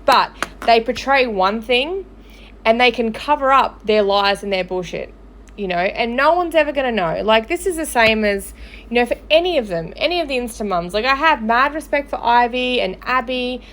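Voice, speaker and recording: A woman's voice: fairly high pitch, lively intonation, moderate pace, fairly bright tone. Angry swearing woman ranting on a livestream. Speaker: gossip page host. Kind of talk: livestream commentary.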